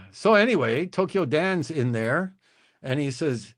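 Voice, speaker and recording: A man's voice: a little high, lively intonation, takes it slowly. A man in his sixties, originally from the Chicago area, hosting a livestream and telling a rambling, hesitant story full of restarts. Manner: rambling, hesitant, self-interrupting. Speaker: livestream host.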